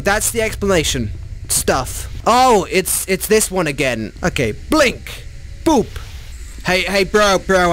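A gaming YouTuber playing a VR horror game, chatty and swearing, who talks to the monsters in a mock bro voice and shrieks when scared. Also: male voice, high-pitched, fairly bright tone. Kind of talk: comedic VR horror let's play.

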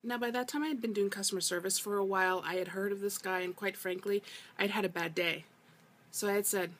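A woman's voice: mid-range voice, fast talker, slight background noise. Exasperated woman ranting on a vlog. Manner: exasperated, emphatic and repetitive. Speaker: vlogger.

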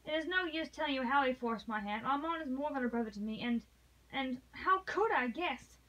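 A woman's voice: high-pitched, expressive, fairly quick, pushed and bright, distant mic, lo-fi sound. A woman voicing a noble English lady who pleads with passion, read aloud from a novel. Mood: pleading. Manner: impassioned, pleading.

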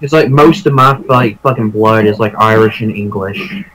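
A man's voice: on the low side, moderate pace, fairly bright tone, low-quality recording. A young man co-commentating a game, joking, rambling and swearing a lot. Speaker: let's play co-commentator. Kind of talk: casual gaming commentary.

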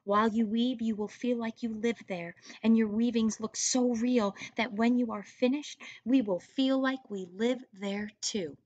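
A woman teacher reading the lines of a kind, thoughtful youngest son from a storybook, gently and encouragingly. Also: a little high, fairly even intonation, a little slow, few pauses, dry recording, muffled recording. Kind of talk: reading a storybook aloud to a class.

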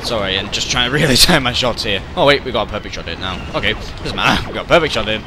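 A young man giving rambling, excitable gameplay commentary, often yelling in frustration. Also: lowish voice, fast. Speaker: let's play gamer. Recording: commentary over loud game music. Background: game music.

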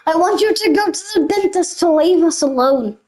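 A young woman playing a video game with excitable live commentary, giggling and shouting out reactions. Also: extremely high pitch, moderate pace. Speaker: gamer. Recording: noisy game sounds with gunfire behind.

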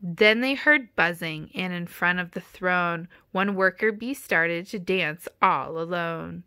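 A woman's voice: fairly low pitch, takes it slowly, bright, forceful tone, clean tone, no echo. A woman reading a rhyming children's picture book aloud in a rhythmic storytelling manner. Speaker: storybook reader. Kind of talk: children's read-aloud narration.

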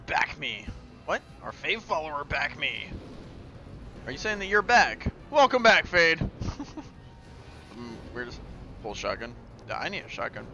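A man streaming a game and commenting live, excitable and profane, playfully taunting enemies and talking to his chat. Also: mid-range voice, dull audio.

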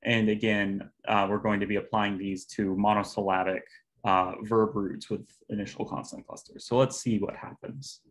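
A man giving an academic linguistics talk over a video call, explaining step by step with pauses and fillers. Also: fairly low pitch, flat delivery. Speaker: linguistics presenter.

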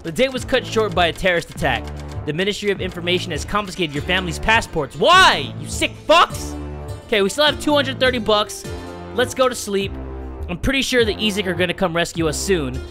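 A man giving excitable let's play commentary on a video game, with profane, loud outbursts. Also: sits high, a little fast, music in the background. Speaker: gaming video host.

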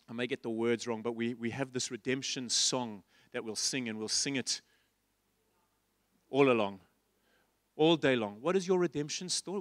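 A man preaching a sermon as pastor, passionately asking the congregation repeated questions and dropping to quiet asides. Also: dry recording, studio quality. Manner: shifts between loud emphasis and soft, low asides. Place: church stage.

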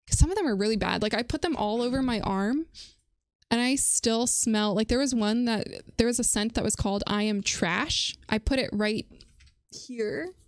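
A chatty woman streams from a dry, close-sounding setup, her fairly high voice running through casual talk with her viewers. She laughs often and answers chat messages as they come in. Her tone stays loose and unscripted. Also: normal speed, no room sound. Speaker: livestream host.

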